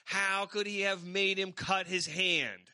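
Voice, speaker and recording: A man's voice: high-pitched, fairly even intonation, a little slow, pushed and bright, dry recording, studio quality. A man co-hosting a podcast in casual chat, profane and heated, talking over his friend. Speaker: podcast co-host.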